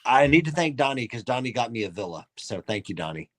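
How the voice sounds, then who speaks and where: A man's voice: medium pitch, very animated, fast, fairly bright tone, no echo. A man co-hosting a casual sports show, rambling and restarting his sentences. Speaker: co-host.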